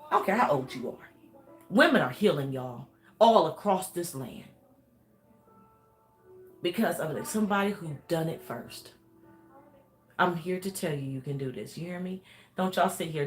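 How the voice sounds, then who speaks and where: A woman life coach giving an emphatic motivational talk. She repeats her points over and over and laughs often. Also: fairly low pitch.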